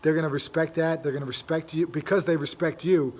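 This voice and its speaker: Chatty young man, slightly high voice. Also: fairly even intonation, fairly quick, a little mellow. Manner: rambling, many fillers and restarts. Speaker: host. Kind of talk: casual monologue.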